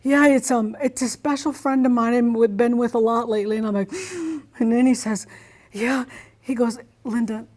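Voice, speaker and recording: Animated woman acting out her story. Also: on the high side, moderate pace. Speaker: interview guest. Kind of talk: casual interview storytelling.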